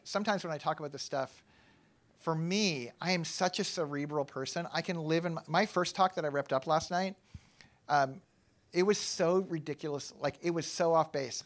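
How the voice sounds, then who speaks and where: Speaking to a live church audience, a middle-aged pastor gives a casual, animated sermon in a slightly high voice. He is self-deprecating and thinks aloud, restarting frequently.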